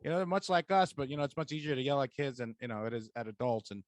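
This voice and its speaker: A young man hosting a podcast in casual chat, animated and laughing often, telling stories with quoted voices. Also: mid-range voice, very fast, no echo. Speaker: podcast host.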